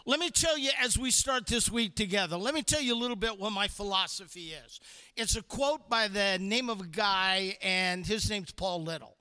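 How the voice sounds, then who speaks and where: A man speaking as a guest youth speaker to students, animated and coaxing, calling out prompts for the audience to repeat. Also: high voice, moderate pace, clear, resonant tone. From from the Chicago area. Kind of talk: energetic chapel talk to students.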